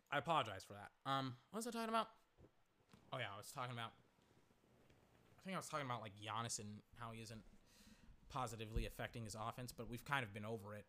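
A hoarse young man giving casual, rambling live commentary on a basketball game, full of fillers and swearing. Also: mid-range voice, animated, quick pace, long pauses, sharp tone.

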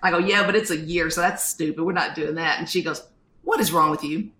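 Bright, animated woman storyteller. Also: low-pitched, a little fast, echoey room. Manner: animated storytelling, acts out quotes. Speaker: guest author. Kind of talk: podcast interview.

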